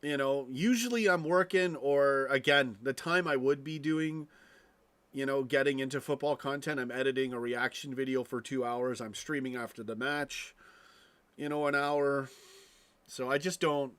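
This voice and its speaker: A man's voice: medium pitch, fairly even intonation, moderate pace, a bit bright, clean tone. A man hosting a casual live stream, ranting with frequent swearing and restarts, tossing asides to his viewers. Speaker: fan channel live streamer.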